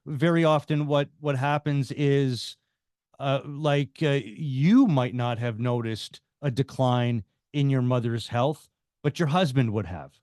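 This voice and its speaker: A man hosting a caregiving podcast, opening the show and asking measured, friendly questions. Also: mid-range voice, darkish tone, no room sound, clean studio sound. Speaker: podcast host. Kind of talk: podcast interview.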